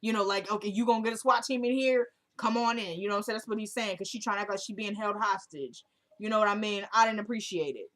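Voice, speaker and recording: A woman's voice: mid-range voice, fairly bright tone. A woman recapping a TV episode in casual chat, emphatic and repeating herself as she retells scenes.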